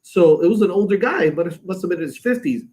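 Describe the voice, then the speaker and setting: A man's voice: sits high, animated, fast, darkish tone, husky. A man chatting casually on a podcast, telling stories in a blunt, profane way. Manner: blunt, profane, loose storytelling. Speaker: podcast co-host. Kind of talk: casual chat.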